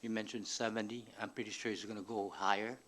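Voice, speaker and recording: A man speaking as a legislator at a hearing, measured and halting, thanking the officials. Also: on the low side, flat delivery, a bit bright, a little hiss or hum.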